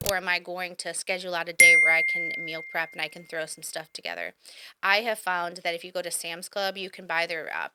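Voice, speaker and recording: A woman's voice: on the low side, pushed and bright, smooth, dry recording. A woman in her thirties hosting a casual advice podcast, talking directly and coaching her listeners, often repeating points for emphasis. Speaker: podcast host and business owner.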